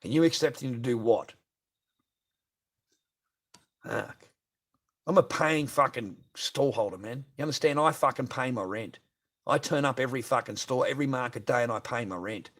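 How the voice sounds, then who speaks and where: A man rants on an unscripted livestream, swearing freely in a mid-pitched voice. He keeps turning to his listeners with "right?" and "you know?". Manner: profane, ranting, keeps asking "right?".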